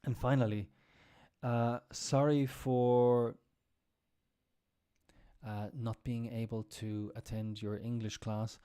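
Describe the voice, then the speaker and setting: A man's voice: mid-range voice, takes it slowly, pauses often, clear, resonant tone. A man teaching English on a live stream, explaining phrases with examples and trying out how they sound. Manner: relaxed explaining with examples, some restarts. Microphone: computer mic on a live stream.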